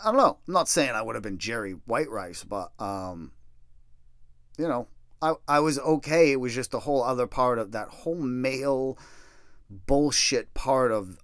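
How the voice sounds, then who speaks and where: A man's voice: fairly low pitch, fairly bright tone, dry recording, studio quality. A middle-aged man telling a personal story in a casual, profane, self-deprecating way.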